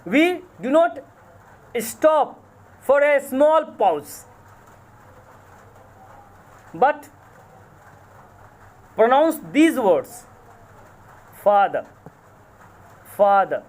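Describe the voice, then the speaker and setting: A man's voice: very high-pitched, lively intonation, drawn-out words, long pauses, a little mellow. A man with an Indian English accent lecturing as a college English teacher, spelling words out letter by letter, repeating them and correcting himself. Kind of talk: recorded lecture.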